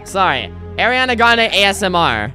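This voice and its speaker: Young woman gaming streamer; bright tone, casual rambling chat, light music behind. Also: medium pitch, big pitch swings, normal speed. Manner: rambling, self-interrupting, chatty. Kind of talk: casual gameplay commentary.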